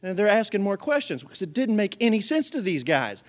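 A pastor in the pulpit, a man with a notably high-pitched voice who preaches with animated swings between loud, punchy lines and quiet asides. He slips into little voices for the people in his stories and keeps a joking, conversational tone. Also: brisk. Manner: animated, acts out voices and jokes. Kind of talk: sermon.

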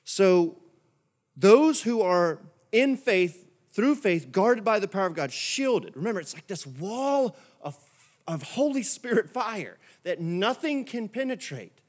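High-voiced man preaching a sermon. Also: sing-song, slow pace. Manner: conversational preaching, repeats phrases, asks the congregation questions. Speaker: pastor. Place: church.

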